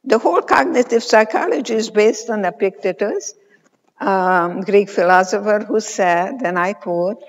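A woman in her eighties, a psychologist, giving a motivational conference talk, telling stories slowly and emphatically with pauses. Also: mid-range voice. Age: 80s. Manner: slow, emphatic storytelling with pauses. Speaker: keynote speaker, psychologist. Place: large conference hall. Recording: reverberant hall, muffled sound.

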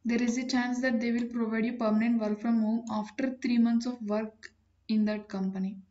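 A woman, hosting a channel and reading out job listings in a plain, businesslike way with frequent pauses. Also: fairly high pitch, flat delivery, dark tone, highs cut off.

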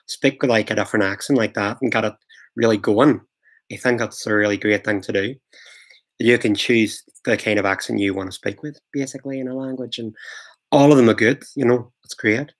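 A man's voice: medium pitch, a bit bright. A man hosting a live online Q&A, chatting casually and rambling with many fillers and restarts. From England. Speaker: host answering viewer questions. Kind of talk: live Q&A chat.

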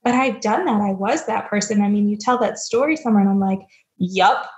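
Earnest woman with a gravelly voice. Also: mid-range voice, fast talker. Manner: earnest, reflective, self-deprecating. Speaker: guest, stepmom platform founder. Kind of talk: candid podcast interview. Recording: dull lo-fi remote audio.

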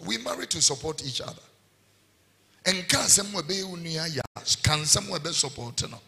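A man with a Ghanaian accent preaching a sermon as pastor, moving between calm storytelling and sudden shouted lines. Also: on the high side, measured pace.

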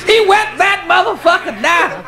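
Very high-voiced shouting male comedian. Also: normal speed, gravelly, crowd noise. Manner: loud, shouting punchlines, profane. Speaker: stand-up comedian. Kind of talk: raunchy stand-up routine.

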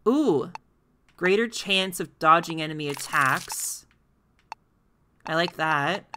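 A chatty woman streamer playing a game with excitable commentary. Her voice is bright and lively, and she talks straight to the characters. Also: fairly low pitch, slow pace, slight background noise, rough recording. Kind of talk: casual playthrough commentary.

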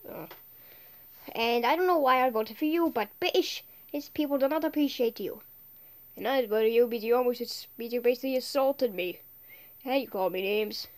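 A woman's voice: a little high, a little fast. A woman voicing squabbling contestants in an amateur cartoon, with a petulant, bickering delivery.

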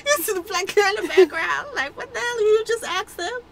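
A woman's voice: extremely high pitch, brisk, gravelly, a crowd in the background. A woman hosting a reaction video, chatting casually and laughing often while clip music plays behind her. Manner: laughs often, animated exclamations.

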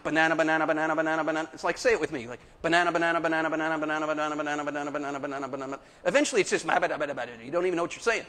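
Middle-aged male Catholic speaker, animated storyteller addressing a crowd, echoing hall. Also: high voice. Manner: animated storyteller, playful asides. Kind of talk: live talk to an audience. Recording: long hall reverb.

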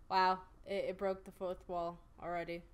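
A woman commenting on her gameplay, profane and excitable, with loud exclamatory reactions. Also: lowish voice, slight background noise. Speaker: let's play gamer.

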